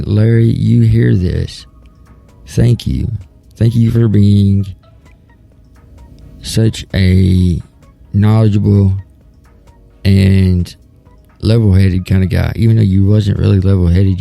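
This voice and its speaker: A man's voice: lowish voice, creaky, dark tone. A man in his thirties hosting a talk show, giving a casual, rambling and earnest monologue that often restarts its thoughts. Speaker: podcast host.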